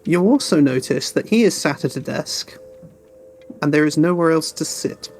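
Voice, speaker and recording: A man narrating as game master of a tabletop role-playing game, unhurried and with frequent fillers. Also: fairly high pitch, expressive, darkish tone, soft background music.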